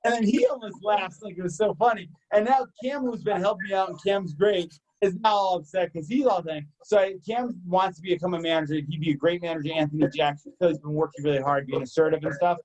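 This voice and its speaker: A man's voice: high voice, quick pace, few pauses, a little mellow. A man co-hosting a casual chat, telling a long story in a rambling, candid, self-deprecating way. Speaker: co-host. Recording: dull lo-fi audio.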